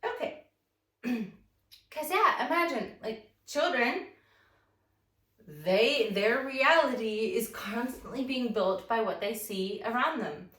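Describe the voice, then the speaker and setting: A woman's voice: a little high, slow pace. A woman telling a casual, rambling story while she leads a morning stretching routine as a fitness instructor. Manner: chatty and rambling, animated when acting out the story. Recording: roomy sound from a distance.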